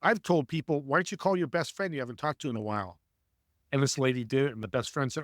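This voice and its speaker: A man's voice: medium pitch, fast talker, no room sound. A man guesting on a podcast talks with eager, preachy energy, turning to the listeners as he tells his stories. His voice sits in a mid register. The sound is close and dry, with no room around it. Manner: energetic, preachy, speaks to the audience. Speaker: podcast guest, networking coach. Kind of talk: conversational storytelling.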